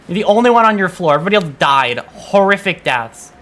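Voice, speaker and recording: A man chatting on a game stream with a slightly high, bright and edgy voice. He sounds exasperated, swears freely and keeps restarting his sentences as he vents. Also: very animated, quick pace. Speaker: VTuber streamer. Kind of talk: casual gaming stream chat.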